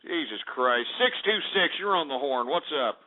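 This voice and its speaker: A man's voice: medium pitch, expressive, normal speed. A man hosting a call-in radio show, abrasive and profane, ranting at callers over tinny phone-like audio.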